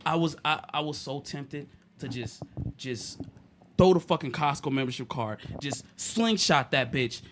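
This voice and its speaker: A young man, a podcast co-host, telling a casual, profane story and swinging between loud and quiet. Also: a little high, animated, unhurried, a little hiss or hum. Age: young adult.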